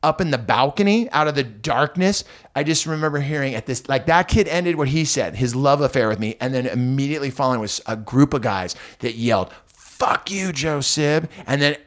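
A middle-aged comedian telling a story in casual chat, acting out the voices of the people in it. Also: male voice, mid-range voice, a little fast. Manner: animated storyteller, acts out voices of others. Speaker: comedian guest.

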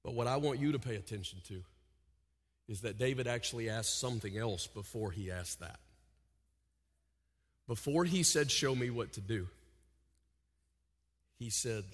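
A man preaching a sermon, dropping to hushed, intimate lows and rising to loud pleading cries. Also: expressive, a little slow, long pauses, husky, long reverb tail. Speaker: pastor.

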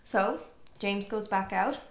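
A woman's voice: mid-range voice, takes it slowly. A woman telling a folk tale to friends, acting out the characters' voices with lots of energy. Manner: lively, acts out voices, laughs often. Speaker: storyteller. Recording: roomy echo.

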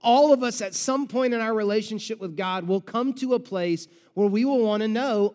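Man, pastor, sermon, high voice, animated storytelling, dramatic pauses, long hall reverb.

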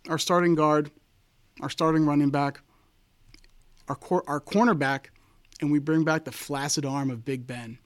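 Sarcastic, exasperated football fan, lively pitch. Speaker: sports show co-host.

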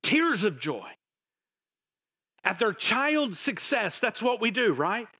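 A man preaching a sermon, moving between raised emphatic lines and hushed, low passages. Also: very animated, slow, slightly rough. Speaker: pastor.

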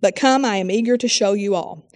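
A woman's voice: mid-range voice, fairly quick, a little mellow, close to an everyday voice. A woman reading aloud the tender lines of a loving older brother during a sermon. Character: gentle grown man, tender loving brother.

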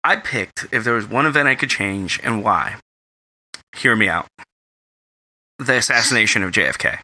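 A man with a very bright, sharp voice talks through a casual podcast chat. He rants bluntly and swears freely, leaning into his points with energy. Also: lowish voice, expressive, normal speed. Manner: blunt, profane ranting. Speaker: podcast co-host.

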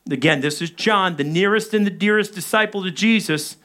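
A male pastor in his thirties delivers a sermon, launching into an animated personal story. His voice sits high and carries a bright, forward tone. He acts out his own frantic moments as he tells it. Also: fairly quick. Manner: animated storytelling, acting out his own panicked radio calls.

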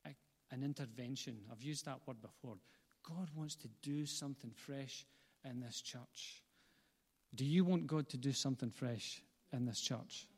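Pastor preaching in a reverberant hall. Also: male voice, mid-range voice, normal speed, breathy edge. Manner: earnest, building repetition, gentle asides to congregation. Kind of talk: sermon and closing prayer. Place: church hall. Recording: long reverb of a church hall.

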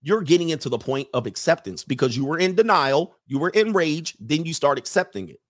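Guy hosting a stream, kinda high voice that swings all over, mocking and cussing, keeps asking what do they do. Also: a little fast. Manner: animated, mocking and profane, with repeated rhetorical questions. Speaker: livestream show host. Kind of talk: ranting livestream monologue.

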